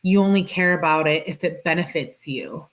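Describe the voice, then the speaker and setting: A woman's voice: low-pitched, moderate pace. Slangy woman reading texts aloud. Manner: casual, slangy, sarcastic asides. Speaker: true-crime commentator. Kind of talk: reading text messages aloud and reacting.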